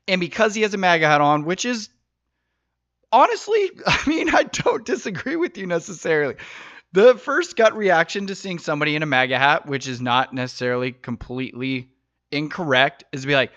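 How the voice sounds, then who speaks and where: A man's voice: a little high, lively intonation, normal speed, a bit bright, dry recording. A man hosting a solo podcast, talking casually and rambling through his opinions with frequent swearing. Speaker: podcast host. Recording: dull lo-fi dry mic sound.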